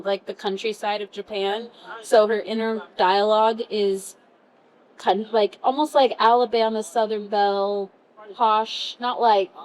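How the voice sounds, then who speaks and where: A woman voice actor chatting on a convention panel, bubbly and quick to laugh. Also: mid-range voice, poor audio.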